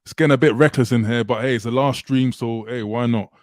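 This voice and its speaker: A man from the UK hosts a livestream in a casual, chatty way. He hypes up his viewers, and his voice sits at a middle pitch with a dry, close sound. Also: fairly even intonation, quick pace, darkish tone, no room sound. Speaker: livestream host. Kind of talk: casual livestream chat, reading super chats.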